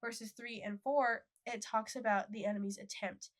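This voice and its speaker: A woman's voice: on the high side, fairly even intonation, normal speed. A young woman co-hosting a casual faith podcast, reading scripture aloud and then explaining it. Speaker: podcast co-host.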